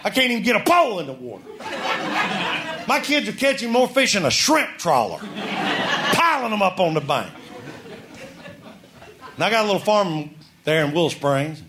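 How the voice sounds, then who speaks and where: Folksy comedian, lively pitch. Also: male voice, moderate pace, pauses often, a crowd in the background. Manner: folksy storyteller, rising to excited shouts in the punchline. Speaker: stand-up comedian. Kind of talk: live stand-up comedy set. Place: club or stage before a live audience. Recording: live show with audience laughter and noise.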